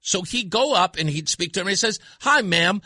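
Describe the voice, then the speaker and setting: A man hosting a talk radio show, telling stories in an excitable way with quick restarts. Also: high voice, dry recording, studio quality. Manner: excitable, fast storytelling with frequent restarts. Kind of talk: animated talk radio chat.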